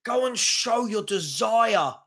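In a slow, expressive, high and fairly bright voice, a man hosting a football fan channel rants angrily to camera. Exasperated, he leans on repetitive rhetorical questions.

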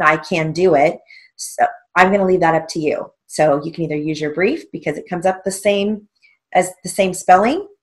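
A woman teaching a stenography lesson, dictating short phrases slowly and spelling out letters, checking in with an occasional "okay?". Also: sits low. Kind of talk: slow, deliberate dictation lesson.

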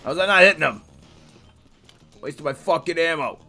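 A man giving casual, profane, excitable commentary while playing a video game. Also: fairly high pitch, moderate pace, creaky, soft background music. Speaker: let's play host.

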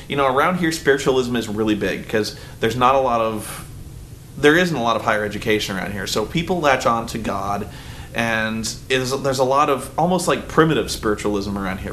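A man vlogging about a movie in a rambling, excitable way, full of fillers and sudden high-pitched quoted reactions. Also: a little hiss or hum. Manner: excitable, rambling, many "like" fillers, big pitch jumps when quoting. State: groggy, just woken. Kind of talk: rambling movie review vlog.

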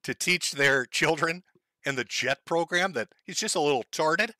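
A man's voice: a little high, moderate pace, bright, forceful tone, dry recording. A man hosting a live stream who gives crude, sarcastic and mocking commentary into a home mic. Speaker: streamer host.

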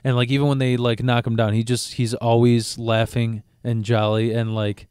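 A man's voice: mid-range voice, little pitch movement, normal speed, a little mellow, clear, resonant tone, dry recording. Man in his thirties, casual podcast chat, rambling, profane, stumbling restarts, dry close sound. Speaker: podcast co-host, a father.

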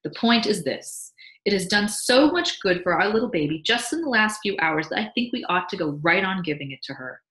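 A woman's voice: medium pitch, sing-song, fairly quick, a bit bright, voice pushed up. A woman voicing a sly, boastful male beekeeper who teases his wife, in a read-aloud story. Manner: teasing, pleased with himself. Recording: echoey room.

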